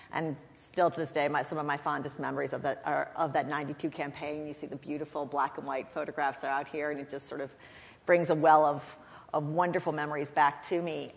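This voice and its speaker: A woman panelist telling stories from her campaign days in an animated way, acting out the people she quotes. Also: low voice, long reverb tail. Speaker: panelist, former campaign staffer. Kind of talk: panel discussion, lively storytelling.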